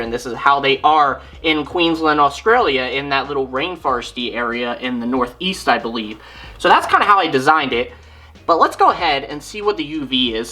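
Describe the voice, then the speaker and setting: Low-voiced woman giving a chatty demo. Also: sharp tone. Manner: chatty, thinks aloud, corrects herself. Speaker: reptile keeper and channel host. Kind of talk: casual hands-on demonstration.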